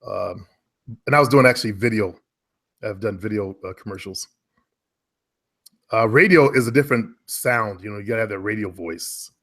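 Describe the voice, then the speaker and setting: A man with an American accent, chatting casually and giving relaxed, talkative advice about voice work. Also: fairly low pitch, moderate pace, pauses often. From United States. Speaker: guest, former radio and commercial voice talent. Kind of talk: casual conversation.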